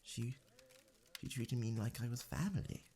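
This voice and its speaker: Casting: a man as a courteous male tavern keeper for ASMR role-play, warm mellow tone, lively pitch, soft halting politeness, faint music underneath. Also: lightly acted. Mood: fond.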